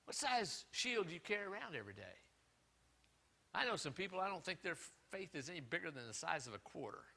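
A pastor delivering a sermon in a bright, fairly high man's voice. He swings between loud, emphatic declarations and quiet, confiding asides. His stories come out folksy, with repeated words and restarts. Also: very animated, brisk, gravelly.

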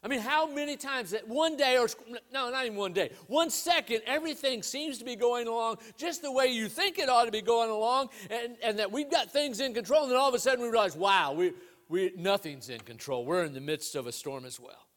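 A man's voice: very high voice, brisk, a bit bright. A man preaching a sermon as pastor in a conversational way, asking rhetorical questions and restarting his phrases.

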